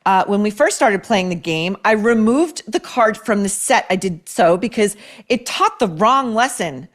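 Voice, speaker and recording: A woman's voice: mid-range voice, animated, a little slow. A woman hosting a podcast, reading advice letters and listener emails aloud and answering them with blunt, sarcastic, profane commentary. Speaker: podcast host.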